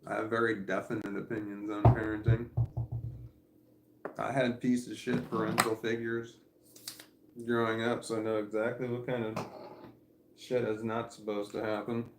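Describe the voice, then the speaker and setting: A man's voice: on the low side, level tone, moderate pace, long pauses, reverberant, noisy background. A man in his forties chatting casually on a livestream, rambling and candid as he thinks aloud. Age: 40s. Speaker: streamer.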